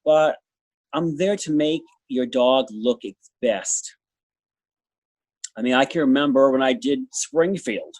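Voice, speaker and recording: Middle-aged man, New England accent, blunt and rambling, husky. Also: mid-range voice, a little mellow, no echo. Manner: blunt, talks fast in bursts, trails off. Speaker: dog show judge. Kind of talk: interview answer, candid anecdotes.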